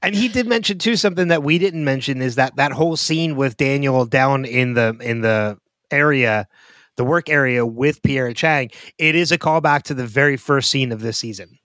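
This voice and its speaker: A man co-hosting a casual podcast, relaxed and laughing easily with plenty of fillers. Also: mid-range voice, normal speed, no room sound, studio quality. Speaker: podcast co-host.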